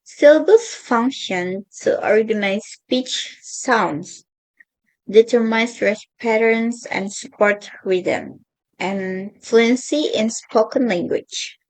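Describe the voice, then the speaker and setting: A woman's voice: on the high side, slow pace, low-quality recording. A young woman reading out her class presentation on linguistics, carefully stressing each example word. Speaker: student presenter.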